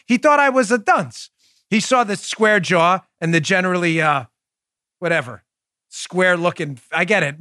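A man with a fairly high voice delivers a forceful, combative monologue as a show host. He drags out key phrases for emphasis. The sound is dry and close on a studio mic. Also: no echo. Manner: emphatic, combative, drawn-out punchlines. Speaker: podcast host. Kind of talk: opinionated monologue.

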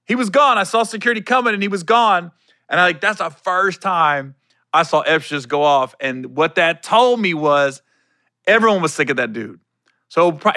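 A man hosting a podcast and telling a backstage story as a comedian, laughing often, swearing casually and acting out voices with sudden pitch jumps. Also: bright, forceful tone, dry recording, studio quality. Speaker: stand-up comedian and podcast host. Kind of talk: animated storytelling chat.

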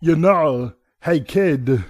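A man doing a comedy impression of a grandiose action-star governor, with halting, mock-serious delivery. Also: a little high, a little mellow, no room sound, clean studio sound. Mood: boastful. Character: bombastic male action-star governor, booming and boastful.

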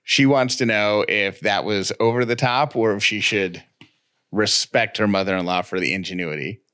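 Low bright-voiced male podcast host. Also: moderate pace, clean tone. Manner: animated, playfully argumentative. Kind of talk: casual podcast chat and host-read ads.

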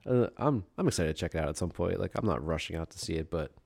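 Deep-voiced laid-back man, podcast co-host. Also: animated, fast, vocal fry, a little mellow. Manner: laid-back, brief agreeing replies. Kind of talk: casual chat.

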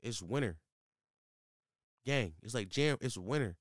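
A man's voice: unhurried, no room sound, studio quality. Slangy young man telling a story. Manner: profane, slangy, animated; voice jumps high when exasperated. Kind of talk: casual storytelling.

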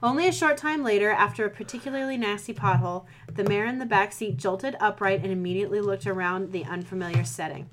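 Podcast host woman reading a story aloud, relaxed, fixes her own slips. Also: medium pitch, quick pace, hardly any pauses, a little hiss or hum. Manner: relaxed, stumbles and self-corrects while reading. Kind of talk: casual read-aloud of fan fiction.

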